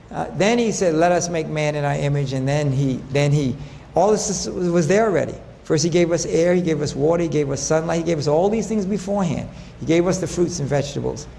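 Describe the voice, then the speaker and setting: A man with a high, gravelly voice preaches health and faith to a live audience, throwing questions at them and acting out both sides of arguments. His voice carries a long hall reverb over faint room ambience. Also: a little hiss or hum. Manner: animated, asks audience questions, acts out dialogue. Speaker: health lecturer. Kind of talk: faith-based health talk.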